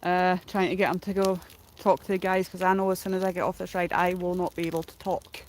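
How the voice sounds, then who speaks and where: A woman's voice: on the low side, flat delivery, quick pace, a little hiss or hum. A middle-aged woman, casually retelling a story on a livestream in a rambling way full of fillers, likes and ums. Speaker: streamer.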